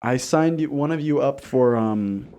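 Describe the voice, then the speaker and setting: A man's voice: mid-range voice, a little slow, clean tone. A young man co-hosting a podcast in casual chat, telling stories with lots of energy and laughing through them, on a podcast microphone. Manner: animated storyteller who laughs through his stories. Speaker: podcast co-host.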